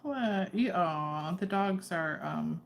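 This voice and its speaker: A woman's voice: on the low side, expressive, slow, creaky. A woman giving a casual, chatty tarot reading, often breaking off to coax her dog over. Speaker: tarot reader.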